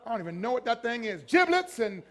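A male pastor telling a comic story in a sermon, animated, acting out voices and screams and stumbling through bursts of repeated words. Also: extremely high pitch, fast. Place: church before a congregation.

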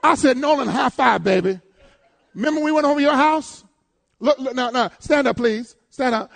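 High, gravelly-voiced preacher. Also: male voice, normal speed. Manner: animated, calls out to the congregation, swings between loud and hushed. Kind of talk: sermon.

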